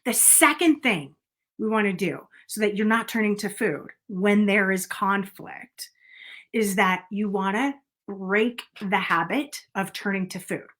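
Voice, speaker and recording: A middle-aged woman speaking to camera as a coach, calm and earnest, often checking in with "okay?". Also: medium pitch, unhurried.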